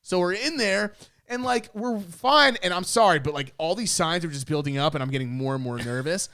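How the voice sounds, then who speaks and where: A young man from Puerto Rico spins a long, profane story for his podcast, his voice sitting fairly high. He talks in casual chat and keeps acting out the quotes. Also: lively intonation, normal speed, pushed and bright. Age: young adult. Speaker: podcast co-host.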